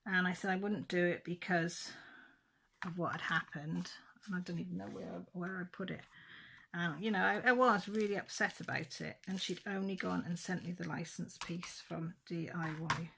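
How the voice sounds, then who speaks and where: Gravelly low-voiced woman rambling. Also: fairly even intonation, normal speed, a bit bright, slight background noise. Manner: rambling, emotional storytelling with frequent restarts. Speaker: diamond painting vlogger. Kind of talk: casual chat.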